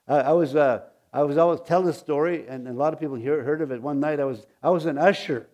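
A man, a pastor, telling a personal testimony in a rambling, halting way, with many restarts and chuckles. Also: a little high, darkish tone. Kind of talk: testimony storytelling.

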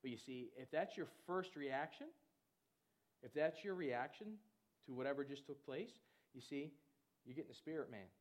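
A man preaching a sermon with exuberant energy. He often repeats words and breaks into loud laughter. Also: medium pitch, normal speed, pauses often.

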